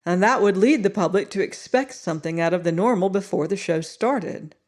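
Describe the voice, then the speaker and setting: A woman voicing a brash, wisecracking male television man in an audiobook reading, loud and mocking. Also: on the low side, brisk, lightly acted. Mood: breezy.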